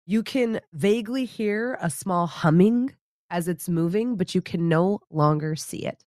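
A woman narrating as game master in a tabletop game, relaxed and descriptive, and she corrects herself casually. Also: on the low side, unhurried, dry recording, clean studio sound.

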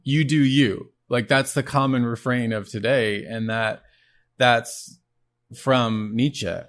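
Man, show host, earnest solo talk, mid-pitched voice, repeats words as he thinks. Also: steady tone, slow pace.

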